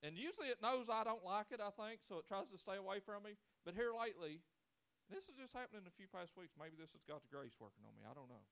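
A man's voice: high-pitched, big pitch swings, fast talker, gravelly, a bit bright. A man in his forties, a pastor preaching a sermon with folksy, joking storytelling and casual grammar. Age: 40s.

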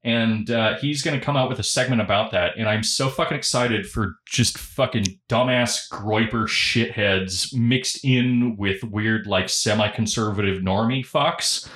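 A man's voice: on the low side, measured pace, few pauses, fairly bright tone. A man hosting a podcast in casual chat. He rambles, swears a lot, mocks himself and laughs often. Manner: rambling, profane, self-mocking, laughs often. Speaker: podcast host. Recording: roomy echo.

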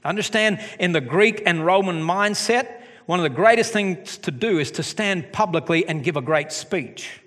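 A middle-aged man preaching a sermon as pastor of his church, animated with joking asides. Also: high voice, moderate pace. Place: church sanctuary. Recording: long hall reverb.

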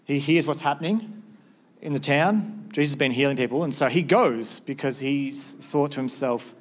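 A man's voice: medium pitch, moderate pace. Conversational male pastor preaching. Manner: conversational, acts out short quoted exchanges. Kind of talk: sermon.

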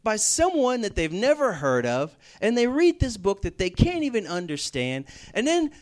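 Exasperated, mocking college guy, high and loud, as a preacher puts him on. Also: wildly swooping pitch, very fast. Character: exasperated young male college student ranting.

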